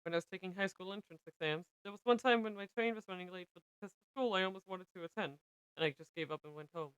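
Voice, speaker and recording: A young woman streaming, reading a visual novel aloud with expressive narration. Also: fairly low pitch, fast talker, smooth, dry recording, muffled recording. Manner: expressive narration, breaks into laughter.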